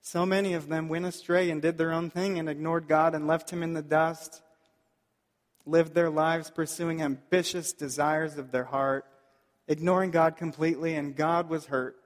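A man preaching a sermon as pastor, earnest and pleading, slowing down to stress key points. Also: a little high, level tone, big-room sound. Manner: earnest, pleading, slows down for emphasis.

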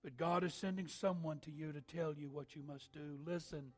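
A man preaching an altar call sermon, reading scripture and building to shouted, sing-song appeals. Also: a little high, fairly even intonation, moderate pace. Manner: reads scripture in King James wording.

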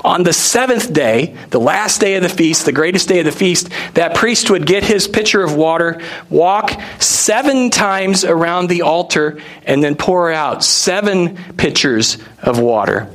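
Guy preaching a sermon, kinda high voice, chatty storytelling, asks the crowd questions. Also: animated, measured pace, fairly bright tone. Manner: conversational storytelling, rhetorical questions. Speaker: pastor.

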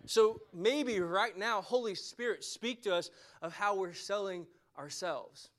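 Man, preacher, high-pitched voice, impassioned sermon, repetitive emphatic phrasing. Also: measured pace. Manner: impassioned, repeats phrases for emphasis, drops to a soft tone near the end.

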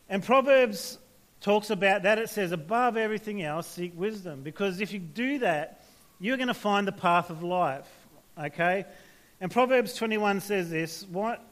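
Male preacher, higher pitch, relaxed storytelling delivery for a youth talk. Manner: conversational, anecdotal, frequent restarts and tag questions. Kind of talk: sermon to young people.

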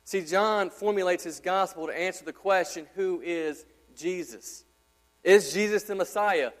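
A man's voice: sits high, unhurried. A man in his thirties, a pastor, preaching an emphatic sermon with repeated rhetorical questions. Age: 30s. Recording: long hall reverb.

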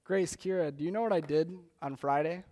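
A man preaching a sermon as a pastor, conversational and animated, with frequent restarts. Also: fairly high pitch, a little fast.

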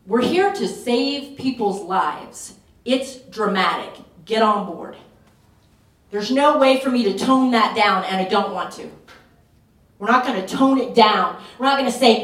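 A woman's voice: a little high, expressive, a little slow. A woman pastor preaching a fervent, urgent sermon at a retreat, pressing her points with emphatic repetition. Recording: roomy echo, voice from a distance.

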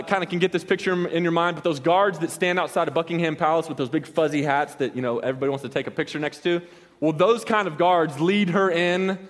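In a big-sounding room, a young male pastor with a fairly high pitch preaches by telling a story. He rambles loosely and casually, dropping slangy asides and restarting his sentences again and again.

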